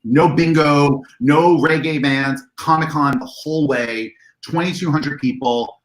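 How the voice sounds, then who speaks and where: A man on a video call, telling convention stories in an animated way and acting out the dialogue in a raised voice. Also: fairly high pitch, unhurried, echoey room. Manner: excitable, acts out dialogue in a raised voice. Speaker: convention organizer guest. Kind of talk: animated storytelling on a livestream.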